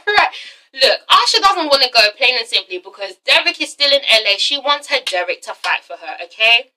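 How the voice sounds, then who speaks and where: High bright-voiced woman, sassy tv recap, cusses a lot, a bit far from the mic. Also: big pitch swings, moderate pace. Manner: sassy, swears freely, talks straight to viewers. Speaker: TV episode reviewer. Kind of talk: casual vlog recap.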